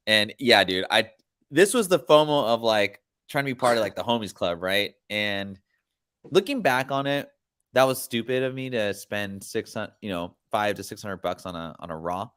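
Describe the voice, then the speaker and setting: A man's voice: mid-range voice, lively intonation, normal speed, fairly bright tone, clear, resonant tone. A man hosting a podcast, chatting casually in a rambling, slangy way. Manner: rambling, laid-back, slangy. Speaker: podcast host. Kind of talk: casual chat.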